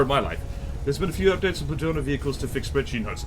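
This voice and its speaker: A man streaming a game live, chatting casually and reading chat, yelping and rambling excitably. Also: medium pitch, quick pace, faint music behind.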